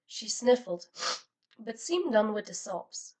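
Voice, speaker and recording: A woman reading a novel aloud as an audiobook narrator, in an expressive, steady style. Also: medium pitch, slow pace, recorded from a distance, poor audio. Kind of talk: scripted narration.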